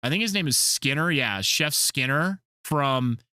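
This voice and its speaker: A man's voice: medium pitch, lively intonation, measured pace, sharp tone, smooth, dry recording, clean studio sound. A man hosting a casual podcast, telling rambling stories and swearing freely. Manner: profane, rambling storyteller. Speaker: podcast host.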